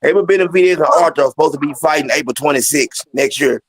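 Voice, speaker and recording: A man's voice: a little high, quick pace, husky. Easygoing male sports talk host. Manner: laid-back, jokey, apologetic.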